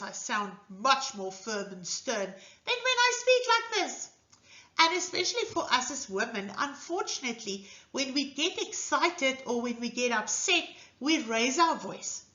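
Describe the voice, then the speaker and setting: A woman's voice: high voice, sharp tone, roomy sound, highs cut off. A woman giving an earnest, emphatic instructional lecture as a teacher trainer, in a coaching manner.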